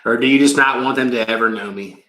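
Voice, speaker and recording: Man, card reader, rambling and emotional, heavy swearing, bright tone, echoey room. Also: medium pitch, quick pace. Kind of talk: casual livestream rant and card reading.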